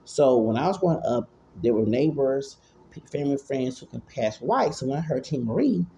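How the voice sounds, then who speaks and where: A man in his forties gives a loose, rambling commentary, doubling back and stumbling over his words. His voice is mellow and dark, with a gravelly fry running through it. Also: mid-range voice, lively intonation, fairly quick, a little hiss or hum. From Houston, Texas. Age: 40s. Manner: rambling, repeats himself, stammers. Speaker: vlogger. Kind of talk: casual commentary.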